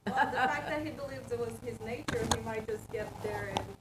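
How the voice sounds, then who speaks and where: A woman's voice: a little high, brisk. Distant woman answering from the audience. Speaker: audience member. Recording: distant roomy audio with loud noise.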